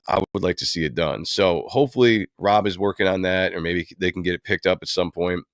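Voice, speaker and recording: A man's voice: low voice, no room sound, clean studio sound. A man hosting a livestream, talking casually and at length, rambling with many fillers. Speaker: livestream host. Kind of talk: casual commentary on comic book films.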